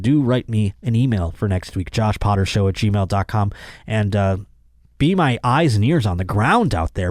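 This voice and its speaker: A man's voice: lowish voice, darkish tone, no room sound, clean studio sound. A young man hosting a comedic news podcast, reading odd crime stories and riffing on them with sarcastic, exasperated asides. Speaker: podcast host.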